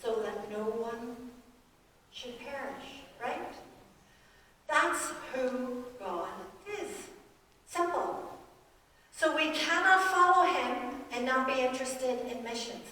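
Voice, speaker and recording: A feisty, animated woman in her sixties, a pastor's wife giving a guest sermon in a church, often laughing as she talks. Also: sits high, slow pace, long pauses, slight background noise. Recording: echoey hall, mic from far off.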